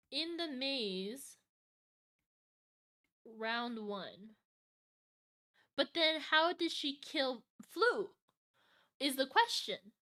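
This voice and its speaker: Woman streamer, casual live chat, bright and slightly high, excitable and rambling. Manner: excitable, restarts and rambles, laughs often. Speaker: streamer reacting to a video.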